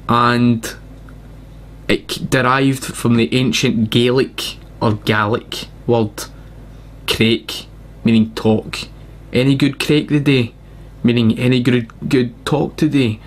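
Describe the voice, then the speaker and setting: Slow, emphatic Scottish man. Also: on the low side. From Scotland. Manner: rambling, emphatic, repeats points. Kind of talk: casual explanatory monologue.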